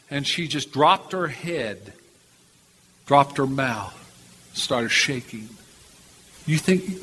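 High-voiced older preacher in a hall. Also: male voice. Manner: animated, repetitive storytelling with chuckles. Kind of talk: storytelling sermon. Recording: reverberant hall, faint background noise.

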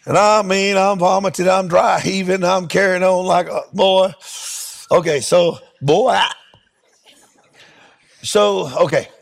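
A middle-aged man, a preacher telling a testimony in a sermon with animated, emphatic delivery. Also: high-pitched, slow pace, creaky, pauses often. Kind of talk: sermon storytelling.

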